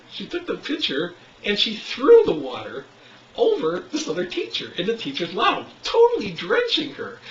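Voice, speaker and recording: A man who runs a quit-smoking clinic tells a story to a group, voicing the people in it with wide, lively swings of a slightly high pitch. His tone is bright and forward. The recording sounds distant and roomy, with a somewhat dull top end. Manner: animated storyteller, acts out quotes. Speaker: smoking cessation clinic leader. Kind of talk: storytelling lecture.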